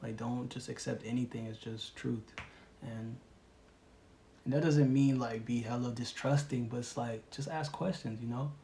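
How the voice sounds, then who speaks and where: A man giving a casual spiritual reading, talking in a relaxed, rambling way with slang and lots of fillers. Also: mid-range voice, normal speed, gravelly, echoey room, a little hiss or hum. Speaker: tarot reader.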